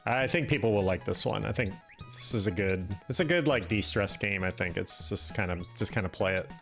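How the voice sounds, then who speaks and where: A man's voice: lowish voice, brisk, gravelly, soft background music. A man hosting a live stream, chatting casually with many fillers and restarts. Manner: relaxed, rambling with many fillers. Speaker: stream host.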